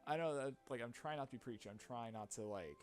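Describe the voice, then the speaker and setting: A man's voice: mid-range voice, a little mellow. A young man in his twenties giving casual gameplay commentary, rambling and self-mocking with frequent swearing. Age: young adult. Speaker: let's play commentator.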